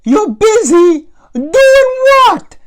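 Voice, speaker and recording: Man putting on a shrill old scolding mother. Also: very animated, very slow, a little hiss or hum, exaggerated voice. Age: over 60 (figure). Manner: shrieking, scolding from another room. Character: elderly nagging mother with a cane, shrill.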